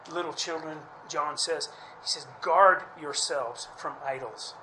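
A man's voice: on the high side, fairly bright tone, a little hiss or hum, low-quality recording. A man preaching a sermon in a conversational way, often restarting phrases and asking the listeners questions. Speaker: pastor.

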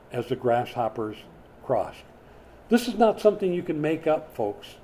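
A man preaching a sermon in a conversational, animated way, with sudden dramatic swings and words repeated as he builds a point. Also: medium pitch, a little hiss or hum. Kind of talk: expository sermon.

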